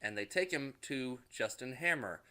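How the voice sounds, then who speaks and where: A man rambling through a movie recap, swearing freely and restarting his sentences as he goes. His voice is bright and edgy, at an ordinary pitch for a man. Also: animated, moderate pace. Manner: rambling, profane, with frequent restarts. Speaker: movie reviewer. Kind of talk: casual profane movie recap.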